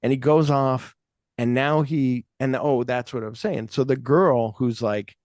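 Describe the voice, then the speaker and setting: A man's voice: medium pitch, fairly even intonation, moderate pace, darkish tone, dry recording. Man, podcast host, casual film chat, rambling, swears, dry close sound. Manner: rambling, acts out quotes, swears freely.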